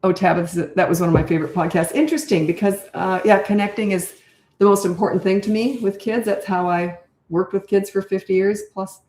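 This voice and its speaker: A woman's voice: mid-range voice, steady tone, brisk, darkish tone, reverberant. An older woman, a parenting coach, answering viewer questions in a casual live Q&A, blunt and off-the-cuff, thinking aloud as she goes.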